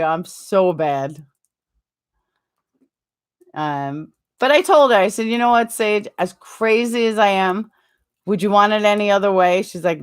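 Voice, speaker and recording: Chatty, rambling middle-aged woman streamer. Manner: chatty and rambling, with frequent ums and quick asides; animated, jumps higher when acting out quotes. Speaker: streamer hosting a chat stream. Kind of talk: casual live-stream chat, answering viewers.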